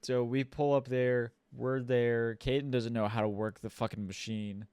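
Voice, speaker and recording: A man's voice: mid-range voice, level tone, moderate pace, a little mellow, smooth, dry recording. A young man co-hosting a podcast, telling a rambling story in casual chat, swearing often and mimicking people as he goes. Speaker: podcast co-host.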